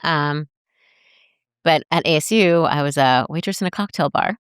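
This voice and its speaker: A woman's voice: sits low, moderate pace, clear, resonant tone, dry recording, clean studio sound. A woman in her forties, a journalist guest on a podcast, chatting casually and telling stories from her past. She acts out her old thoughts as little quotes. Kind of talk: casual interview chat.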